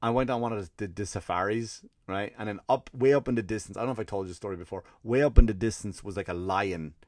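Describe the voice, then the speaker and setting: A man's voice: fairly low pitch, quick pace, darkish tone, no echo, clean studio sound. An Irish man, a comedian hosting his podcast, tells a comic story in a profane, exasperated rant and acts out the people in it. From Ireland. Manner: profane, exasperated ranting with acted quotes.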